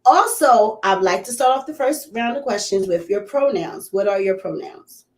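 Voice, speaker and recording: A woman's voice: mid-range voice, expressive, normal speed. Bubbly, teasing woman host with a Philly accent. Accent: Philadelphia. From Philadelphia. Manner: bubbly and teasing, lots of slang. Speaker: interview host. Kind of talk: playful casual interview.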